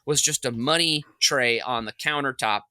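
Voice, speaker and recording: Animated, bright-voiced man telling a story. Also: mid-range voice, normal speed, clean tone, no room sound. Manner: animated, rambling, laughs through his story. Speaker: podcast co-host. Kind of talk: comedic storytelling on a podcast.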